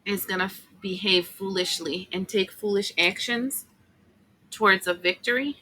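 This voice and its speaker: A woman with a bright, forceful voice talks through a tarot reading in a loose, chatty way. She fills her talk with fillers and asides and gets emotional along the way. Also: medium pitch, moderate pace, a little hiss or hum, poor audio. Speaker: tarot reader.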